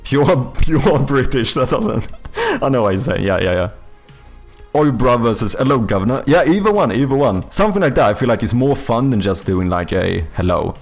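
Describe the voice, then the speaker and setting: A man's voice: mid-range voice, big pitch swings, moderate pace, soft background music. A young man, chatting casually with viewers while making a game on stream, rambling and joking with casual swearing.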